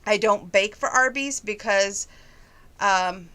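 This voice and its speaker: A middle-aged woman takes it slowly as she gives her viewers a chatty, folksy update, working to keep her emotions in check. Her mid-range voice is sharp and clean in tone.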